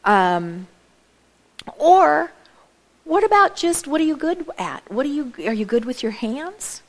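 A woman giving a lively talk to a church audience, chatty, with many asides, asking her listeners direct questions. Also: sits high, takes it slowly. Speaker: speaker at a church event.

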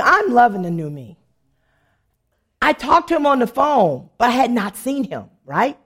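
A woman sharing a humorous personal testimony in church, telling stories in an animated way and laughing often. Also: high-pitched.

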